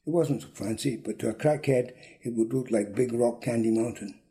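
A man reading a short story aloud in a dry, deadpan manner. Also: medium pitch, moderate pace. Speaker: reader.

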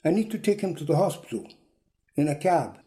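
A man's voice: fairly high pitch, animated, fairly quick, mellow, pitched above the performer's own voice, natural voice. A man reading a story and voicing a desperate woman begging for help at a door. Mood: pleading. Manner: pleading.

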